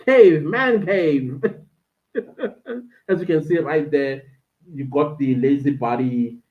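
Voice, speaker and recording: Her voice is very deep and a little slow as she hosts a relaxed live stream, a woman with a South African accent sitting in a friend's indoor den at home. She addresses viewers animatedly and reads chat comments, with the sound coming through tinny and phone-like.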